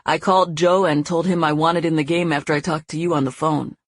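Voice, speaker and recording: A woman reading an audiobook voices a relaxed, confident young man who speaks with quiet assurance. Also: deep voice, a little fast, no room sound. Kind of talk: audiobook character voice.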